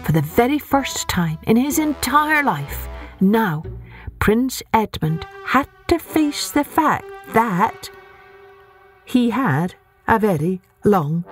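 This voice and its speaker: A woman storyteller narrating a children's tale in an expressive, gentle way. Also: a little high. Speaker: storyteller, podcast host.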